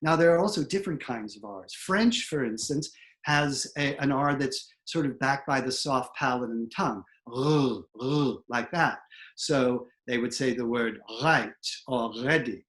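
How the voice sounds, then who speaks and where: A man's voice: mid-range voice, normal speed, fairly bright tone. A middle-aged man, a theatre professor, explaining accent technique and breaking off to demonstrate sounds.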